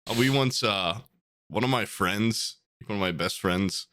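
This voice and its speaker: A man's voice: a little slow, no echo, studio quality. A man co-hosting a podcast, telling stories in casual chat and leaping into mocking voices when he quotes people. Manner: animated storyteller, jumps high into mocking quoted voices. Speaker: podcast co-host.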